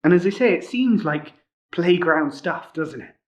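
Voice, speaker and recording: A man's voice: on the high side, lively intonation, measured pace. A man preaching a sermon in a conversational way, often adding tag questions such as "isn't it?". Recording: muffled lo-fi recording.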